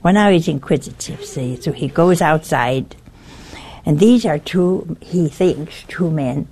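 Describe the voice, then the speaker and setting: With a low, dark voice and lively intonation, this woman speaks at a measured pace. Giving an informal religious talk over a broadcast network, she sounds an earnest warning and recounts a story stage by stage.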